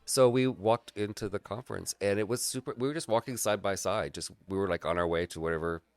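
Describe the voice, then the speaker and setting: A man's voice: fairly low pitch, fast, no room sound. A man talking as a guest in a casual conversation, reflective and earnest in manner. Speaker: graphic artist and guide, guest.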